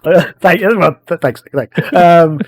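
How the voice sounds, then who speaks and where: A man's voice: on the high side, a little slow. A man with an English accent, hosting a casual podcast chat, rambling with many fillers. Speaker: podcast host.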